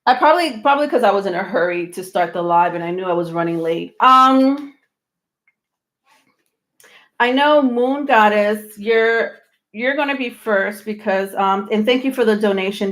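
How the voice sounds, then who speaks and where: Slightly breathless woman chatting on a live stream. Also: fairly high pitch. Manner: rambling, many ums and restarts, laughs often. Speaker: tarot reader hosting a live stream. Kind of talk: casual live-stream chat.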